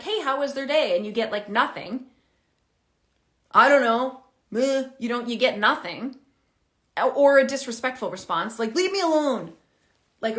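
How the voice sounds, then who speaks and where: Chatty middle-aged woman giving parenting advice. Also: on the high side. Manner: animated, chatty, thinks out loud. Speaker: parenting coach. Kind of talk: casual direct-to-camera advice.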